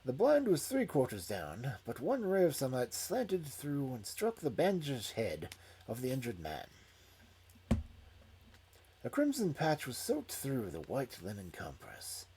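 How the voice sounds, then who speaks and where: Man, storyteller, dramatic reading, husky, lively intonation. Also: mid-range voice, measured pace.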